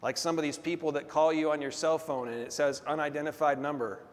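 A male pastor preaching a sermon with call-and-response and drawn-out emphatic phrases, in a large church hall. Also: fairly high pitch, fairly even intonation. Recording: long reverb of a big hall.

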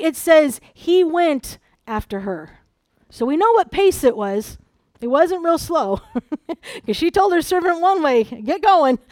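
A middle-aged woman preaches with an animated delivery, dropping to hushed storytelling and rising to loud, emphatic calls. Her voice sits fairly high, and the recording is dry and close. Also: no room sound. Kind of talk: sermon.

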